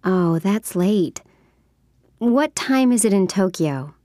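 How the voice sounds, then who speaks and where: A woman speaking clearly in a scripted everyday dialogue for an English course. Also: medium pitch, expressive, takes it slowly, dark tone, no room sound, studio quality.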